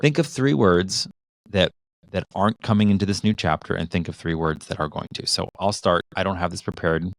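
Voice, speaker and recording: A middle-aged man with a low voice co-hosts a casual podcast, chatting in a loose, reflective way and speaking briskly. He restarts sentences and uses many fillers as he thinks, and the recording is dry and close.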